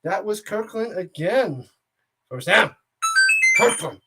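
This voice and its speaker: A man hosting a watch party, giving casual play-by-play commentary in a jokey, excitable way that rambles between plays and shouts on big plays. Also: high-pitched, slow pace, over loud music.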